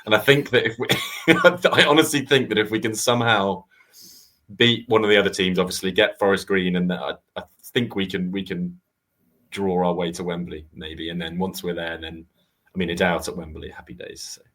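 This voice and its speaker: A man's voice: sits low, fairly even intonation, fairly quick, a bit bright. A man from Oxford co-hosting a football fan podcast, chatting casually with lots of fillers. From Oxford, England. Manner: enthusiastic, rambling with fillers. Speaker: podcast co-host. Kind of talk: casual chat.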